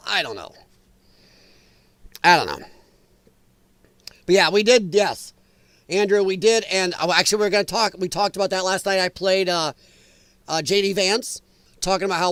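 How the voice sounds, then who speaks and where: A man hosting a casual political commentary livestream, rambling and quick to laugh while he reads the chat. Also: sits high, sing-song, fairly bright tone, dry recording. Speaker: livestream host reading chat.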